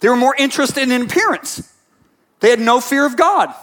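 Passionate high-voiced male preacher. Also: animated, moderate pace. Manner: swings from hushed storytelling to shouted passionate bursts. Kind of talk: sermon storytelling.

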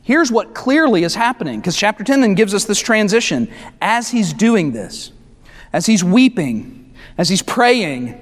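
A man preaching a sermon as pastor, talking conversationally with asides to the congregation and slowing down to stress key words. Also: sits high, big pitch swings. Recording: long reverb of a large hall.

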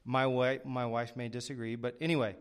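Rambling podcast host, smooth voice. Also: male voice, medium pitch, level tone, fairly quick. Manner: rambling, self-deprecating, many fillers. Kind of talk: casual interview chat.

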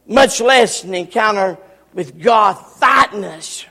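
High, gravelly shouting preacher. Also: male voice, animated, slow. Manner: emphatic, folksy preaching, often shouted. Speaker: pastor. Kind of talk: sermon. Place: church sanctuary. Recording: long hall reverb.

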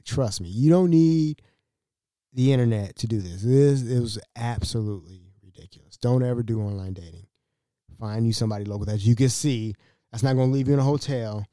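A man hosting a podcast in a loose storytelling monologue. His pitch leaps and dips constantly as he acts out other people, breaking into laughs. The sound is close and dry. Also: dark tone, no room sound. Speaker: podcast host.

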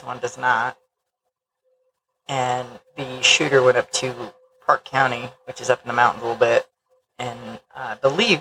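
A sarcastic podcast host with a strongly gravelly, fry-heavy voice who keeps cracking wry jokes and laughing. A faint hiss sits under the recording. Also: mid-range voice. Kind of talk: casual chat.

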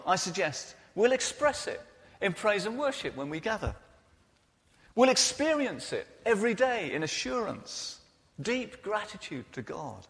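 A man's voice: high voice, a bit bright. A man preaching a sermon in a church, earnest and personal in his delivery. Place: church hall. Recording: reverberant church hall.

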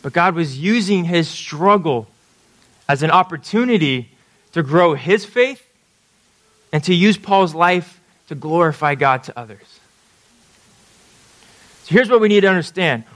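A man's voice: sits high, expressive, moderate pace, long pauses, a bit bright. A man preaching a sermon, talking conversationally and checking in with his listeners. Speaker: pastor.

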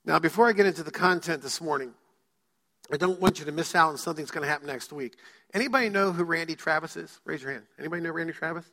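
A male pastor preaching a sermon in a church, joking with the congregation and using dramatic pauses. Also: on the high side, bright, forceful tone. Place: church sanctuary. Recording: long hall reverb.

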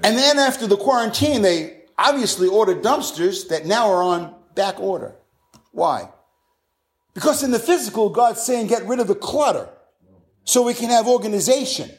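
A man's voice: high voice, expressive, normal speed. A middle-aged man from the United States preaching a sermon, fervently quoting scripture and repeating his points for emphasis.

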